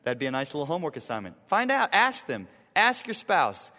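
Animated male preacher in a reverberant hall. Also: fairly high pitch, brisk, hardly any pauses. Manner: animated, acts out quoted people in shifting voices. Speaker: pastor. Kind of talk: sermon. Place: church sanctuary.

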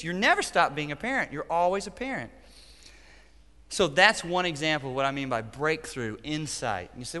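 A man in his forties preaching a passionate sermon as pastor, swinging from loud, urgent lines to quiet, hushed ones. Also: on the high side, lively intonation, moderate pace. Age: 40s. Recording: church hall reverb.

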